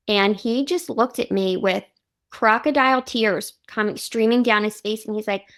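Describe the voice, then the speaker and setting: A woman's voice: mid-range voice, moderate pace, a bit bright. A woman in her thirties hosting a podcast, telling a personal story in a heartfelt, reflective way. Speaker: podcast host. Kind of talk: casual podcast conversation.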